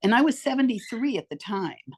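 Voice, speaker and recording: A woman in her eighties, a podcast guest, telling stories in a relaxed, animated way and acting out the voices of the people she quotes. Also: on the high side, a little fast, a little hiss or hum. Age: 80s. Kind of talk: casual storytelling interview. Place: home.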